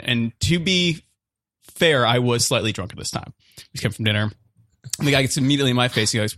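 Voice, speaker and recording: Fast-talking young man telling a rambling story. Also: mid-range voice, sharp tone, no echo, studio quality. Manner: rambling, lots of "like" and "uh" fillers, laughs while telling. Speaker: improv performer telling a true story. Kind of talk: casual storytelling on a comedy podcast.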